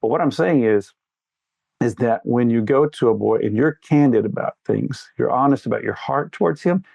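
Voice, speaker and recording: A man's voice: medium pitch, moderate pace, creaky, darkish tone, no echo. A middle-aged man talking earnestly in an interview, telling stories in a fatherly way. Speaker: guest. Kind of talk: candid interview talk.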